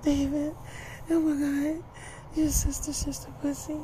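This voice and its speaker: A man voicing his adult girlfriend in a high, breathy, pleading tone. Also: little pitch movement, measured pace, background noise.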